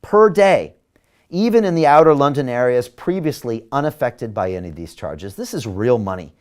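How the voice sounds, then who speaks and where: An emphatic man delivers a campaign address straight to his viewers, his voice sitting at an ordinary middle pitch. He hosts the show himself and keeps rallying his audience with repeated rhetorical questions. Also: expressive, moderate pace. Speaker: mayoral candidate and show host.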